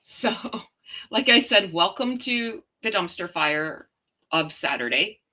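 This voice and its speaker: A Canadian woman hosting a casual live chat from home, chatty and quick to laugh as she talks to her viewers and her dogs. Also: on the low side, expressive, sharp tone. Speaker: livestream host.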